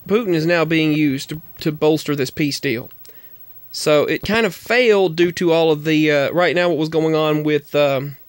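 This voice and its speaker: A man's voice: on the high side, a bit bright, no room sound. Rambling, self-correcting man. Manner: rambling, corrects himself often. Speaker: vlogger. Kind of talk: casual news commentary.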